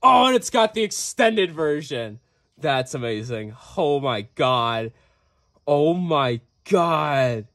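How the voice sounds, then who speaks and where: Young male vlogger, excitable and profane, drawn-out pace, a bit high-pitched. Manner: excitable, swears, breaks into off-key singing. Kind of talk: casual reaction vlog.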